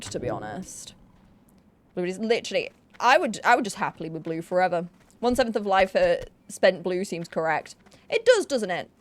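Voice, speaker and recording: A young woman chatting casually on a live gaming stream, bubbly and self-mocking. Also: lowish voice.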